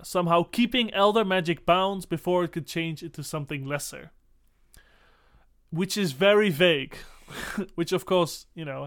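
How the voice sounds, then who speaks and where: A man's voice: a little high, clean tone. A man co-hosting a casual podcast, explaining game lore at length and reading passages aloud. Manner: explanatory, reads passages aloud, laughs often. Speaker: podcast co-host.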